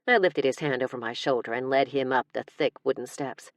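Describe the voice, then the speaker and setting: Brief: woman narrator with a deep voice, wry first-person comic storytelling, dead-dry studio sound. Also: brisk, few pauses, no room sound, lo-fi sound. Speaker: audiobook narrator.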